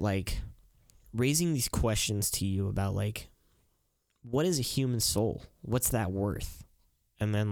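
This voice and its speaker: A man's voice: fairly low pitch, a little mellow, dry recording, clean studio sound. A man co-hosting a podcast in casual chat, talking earnestly and rambling, easily moved. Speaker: podcast co-host.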